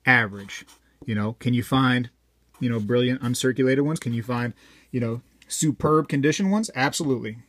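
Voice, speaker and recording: A man's voice: mid-range voice, moderate pace, fairly bright tone, no room sound. A chatty man talks straight to his viewers in a loose, rambling way and cracks small jokes between readings from a scale. His voice sits in an ordinary middle register. The sound is dry and close, with no room around it. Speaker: coin collector vlogger. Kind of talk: casual talk to camera while weighing coins.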